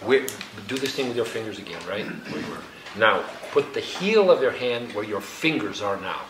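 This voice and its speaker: A man with a fairly low voice leads a group exercise, speaking in slow, gentle instructions. The sound is roomy and echoey, with clear background noise in the hall. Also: lively intonation. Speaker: workshop leader. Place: hall with an audience.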